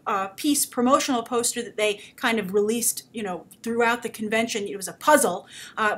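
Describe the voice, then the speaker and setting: A woman's voice: fairly high pitch, pushed and bright. A woman hosting a movie news show, giving chatty, enthusiastic fan opinions. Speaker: host.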